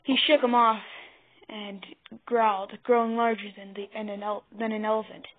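A woman reading a fan fiction story aloud, halting and restarting over words, on a tinny phone-like mic. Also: mid-range voice, flat delivery. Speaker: narrator.

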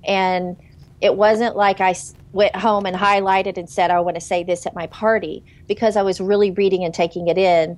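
A woman's voice: fairly low pitch, darkish tone. A woman speaking as a sales consultant on a video call, earnest and motivational, often restarting her sentences. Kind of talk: casual testimonial chat.

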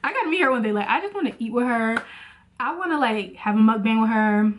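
A woman's voice: fairly high pitch, expressive, fast. A woman vlogging in a casual motivational talk about faith, chatty and preachy, with lots of "like".

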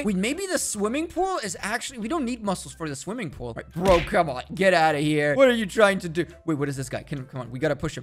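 A young man giving excited, jokey gameplay commentary as a gaming video host, sometimes shouting at rival players. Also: a little high, quick pace, few pauses, faint music behind. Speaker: gaming YouTuber.

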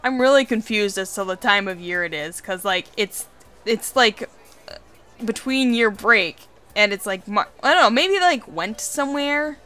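A woman's voice: mid-range voice, lively intonation, normal speed, pushed and bright, clean tone. A woman hosting a let's play, reading a dating game aloud with casual, giggly commentary and swearing.

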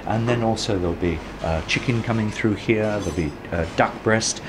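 Middle-aged man, lowish voice, lively raconteur recalling how his business began. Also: moderate pace, background noise. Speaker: smokery owner. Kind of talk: anecdotal storytelling.

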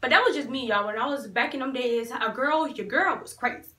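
A young woman vlogger telling a storytime tale in an animated, slangy way, talking straight to her viewers. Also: high-pitched, a little fast, echoey room. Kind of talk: storytime vlog.

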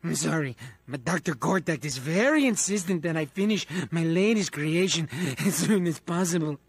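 An actor voicing a manic, melodramatic male mad-scientist henchman in a video game, with a raspy, theatrical delivery that swings between wheedling and raging. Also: lively intonation, moderate pace, no echo. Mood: fretful. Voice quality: raspy, high-strung, theatrical. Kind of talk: video game character voice acting.

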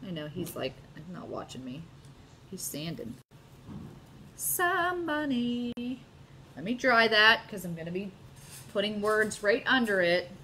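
A woman's voice: lowish voice, lively intonation, normal speed, sharp tone, a little hiss or hum. A middle-aged woman hosting a casual live crafting demo at home, chatting and gushing to her viewers as she works. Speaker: craft video host.

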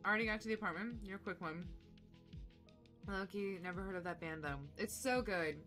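A young adult woman chatting casually with viewers while playing a video game, animated and quick to exclaim. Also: mid-range voice, soft background music. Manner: animated, shrieks when excited, drops soft when focused. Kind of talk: casual let's-play commentary chatting with chat.

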